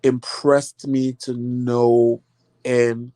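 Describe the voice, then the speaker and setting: A man hosting a vlog, telling a story in casual chat, animated and sassy, acting out the back-and-forth and calling listeners "child" and "honey". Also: mid-range voice, very slow, dry recording. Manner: animated storytelling, acts out quoted exchanges. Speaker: vlog host.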